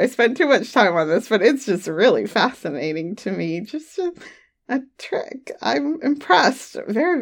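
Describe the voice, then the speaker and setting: A woman giving a casual monthly update to her listeners, chatty and giggly, on a home microphone, with a slightly runny nose. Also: mid-range voice. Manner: chatty and giggly, trailing off with fillers. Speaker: adult audio creator. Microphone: studio microphone at home.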